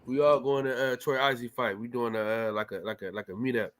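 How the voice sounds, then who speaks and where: A man co-hosting a boxing talk show, chatting in an animated, profane, slangy way. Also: mid-range voice, a little fast. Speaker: boxing podcast co-host. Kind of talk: casual chat.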